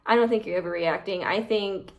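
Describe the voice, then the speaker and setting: A woman reading online posts aloud and reacting to them in casual, animated commentary as a channel host. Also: mid-range voice, a little fast.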